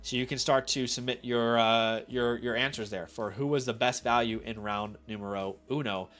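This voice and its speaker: A man with a cold hosting a casual live stream, chatty and animated, often asking his viewers questions directly. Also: mid-range voice, normal speed, faint music behind. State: has a cold. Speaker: fantasy football live-stream host.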